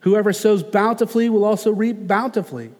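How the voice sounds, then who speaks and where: A man preaching a sermon as pastor, earnest and measured, slowing down to stress key phrases. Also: high-pitched, darkish tone, big-room sound.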